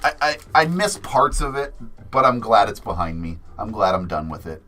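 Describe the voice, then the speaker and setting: A man's voice: lowish voice, moderate pace, a crowd in the background. A man, hosting a livestream in a casual chat, swearing often and laughing through his stories. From Canada. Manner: profane, laughing storyteller. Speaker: livestream host.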